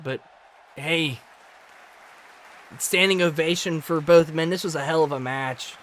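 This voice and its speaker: A man calling a wrestling match play-by-play, energetic and often shouting. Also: fairly high pitch, unhurried, some chatter behind, a little hiss or hum. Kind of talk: excited play-by-play commentary.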